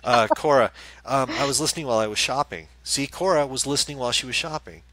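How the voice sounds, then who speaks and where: A man's voice: medium pitch, fast, a bit bright, dry recording, rough recording. A man co-hosting a live-stream chat as a psychic medium, rambling and joking with stammered restarts.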